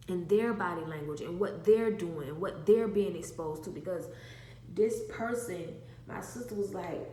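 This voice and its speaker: With a mellow, mid-range voice, a woman who has an infant tells her viewers an emotional personal testimony, earnestly repeating phrases to stress them. The vlog is recorded in an echoey room with faint noise.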